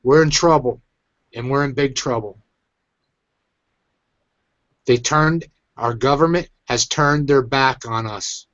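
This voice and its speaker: A man's voice: medium pitch, slow pace, long pauses, a bit bright, dry recording, highs cut off. A man hosting his own online show, venting in an agitated, emphatic rant. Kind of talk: angry ranting commentary.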